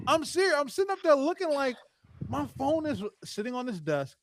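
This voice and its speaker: Man, podcast host, high-pitched, excitable, stammering, casual swearing. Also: brisk, noisy background. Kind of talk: casual chat.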